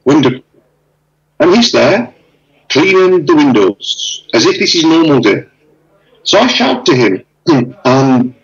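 Animated man telling stories on a video call. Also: fairly high pitch, a little slow, vocal fry, muffled recording. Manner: animated storyteller, acts out dialogue. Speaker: interviewee. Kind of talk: casual video-call chat.

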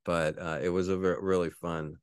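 A podcast host in his forties tells a rambling, profane story and laughs often. His speaking voice is very low. The sound is dry and close to the mic. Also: little pitch movement, moderate pace, smooth, no room sound. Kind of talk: casual storytelling.

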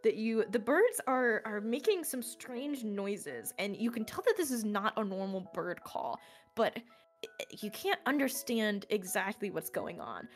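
A woman narrating a tabletop game as game master, casual and halting, with many fillers. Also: mid-range voice, expressive, faint music behind.

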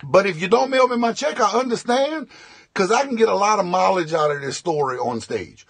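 A male comedian telling a funny story in an animated, fast vlog from inside a tractor, with lots of repetition. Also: high voice, vocal fry, breathy edge, dry recording.

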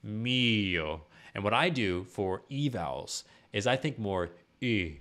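A man with a low voice, a professional singer and vocal coach explaining singing technique step by step in a YouTube lesson. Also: lively intonation, unhurried, fairly bright tone. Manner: patient step-by-step explaining with sung and spoken demonstrations.

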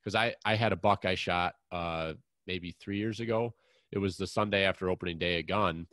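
A man's voice: low voice, steady tone, normal speed, fairly bright tone, no echo. A man hosting an outdoors podcast, telling a long hunting story in a frank, rambling way with mild swearing. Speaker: podcast host. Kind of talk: casual chat, long personal anecdote.

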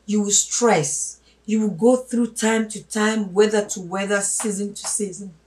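A woman's voice: medium pitch, steady tone, a little slow, slight background noise. Emphatic woman preaching, a bit off-mic. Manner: emphatic, swinging between loud stresses and hushed asides; addresses listeners as brothers and sisters. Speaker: religious teacher. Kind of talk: spoken sermon. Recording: voice a little distant from the mic.

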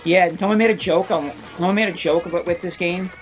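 A co-host chatting through a match, talking in halting bursts full of restarts and casual swearing. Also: medium pitch, steady tone. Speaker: let's play co-host. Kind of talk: casual gaming commentary.

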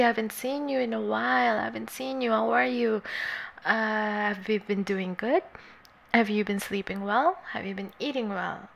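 A woman streamer chatting casually with her viewers, bubbly and giggly, greeting each one and sometimes dropping into a soft, coaxing near-whisper. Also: fairly high pitch, normal speed, gravelly. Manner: bubbly, giggly and scatterbrained, greets chat warmly. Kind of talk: casual live-stream chat.

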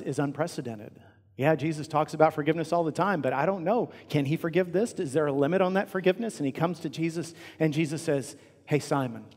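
A Texan pastor in the pulpit, earnest and personal, rising to loud emphasis and then dropping to near-hushed lines. His voice sits fairly high for a man. A long reverb from the large sanctuary trails each phrase. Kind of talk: sermon.

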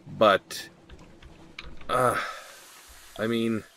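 A man's voice: fairly low pitch, fairly even intonation, very slow, creaky, bright, forceful tone. A man hosting a game playthrough, reading the game's text aloud and thinking aloud with hesitant ums and hmms. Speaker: let's play host.

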